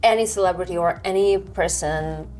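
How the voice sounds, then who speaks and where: A woman's voice: lowish voice, normal speed, darkish tone, soft background music. Playful female interviewer. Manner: playful, encouraging, laughs a lot. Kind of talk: light interview questions.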